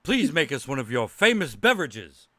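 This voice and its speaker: A man's voice: mid-range voice, big pitch swings, moderate pace, sharp tone. A man playing a cleric in a tabletop game, playful with mock-formal phrasing. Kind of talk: casual game chat.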